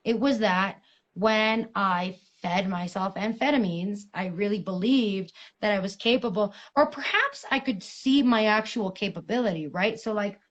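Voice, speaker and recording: A woman in her thirties, a guest speaking candidly and frankly over a remote video call, telling personal stories with animated, profane language. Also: medium pitch, normal speed, muffled recording. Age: 30s. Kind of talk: candid conversational storytelling.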